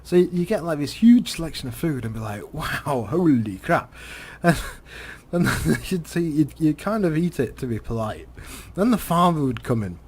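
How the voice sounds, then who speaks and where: A man's voice: fairly high pitch, big pitch swings, a little mellow, slightly rough. A man, commentating on a driving game while telling a rambling story, full of fillers and repeated words. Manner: halting, many fillers and repeated words, chuckles.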